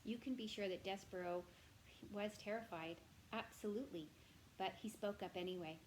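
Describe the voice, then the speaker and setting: A woman reading a children's novel aloud in a gentle, expressive way, often speaking directly to the listener. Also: mid-range voice, normal speed, a little hiss or hum, poor audio.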